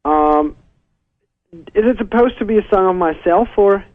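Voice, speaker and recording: A man's voice: sits high, measured pace, no room sound. A man with a German accent, a musician guest on a phone interview, talking chattily, laughing often and mocking himself. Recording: tinny phone line.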